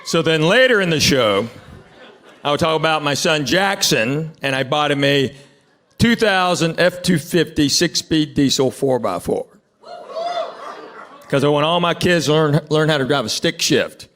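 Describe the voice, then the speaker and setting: A middle-aged man from Tennessee doing a stand-up comedy set, telling stories and acting out quick quotes from his family. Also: on the high side, animated, fairly bright tone. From Tennessee, USA. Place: theater stage before a live audience. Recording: live show with audience laughter. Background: audience laughter.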